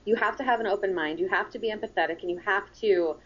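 A woman talks earnestly on a casual podcast, chatty and quick to laugh. Her pitch is average, and the recording is dull and muffled. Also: a bit bright. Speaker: podcast co-host. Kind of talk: casual chat.

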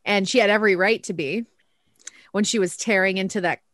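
Giggly, animated female co-host. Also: medium pitch, a little fast, dry recording, clean studio sound. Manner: giggly, animated, acts out her own reactions. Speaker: podcast co-host. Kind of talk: casual film review chat.

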